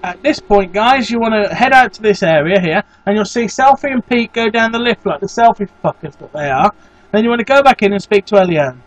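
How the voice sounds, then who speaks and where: A man hosting a game playthrough, excitable and sweary, with mock-scared outbursts. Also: high voice, brisk, poor audio. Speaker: let's play host. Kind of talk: gaming commentary.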